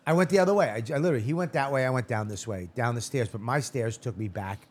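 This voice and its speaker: A man from Boston, a guest comedian, telling a profane, animated story on a casual podcast and acting out the quotes. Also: medium pitch, fast talker, a little hiss or hum.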